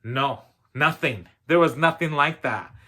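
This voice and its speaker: A motivational speaker recounts a personal story in a conversational style, with frequent fillers and humor at his own expense. He speaks at a measured pace in a sharp voice that sits on the high side.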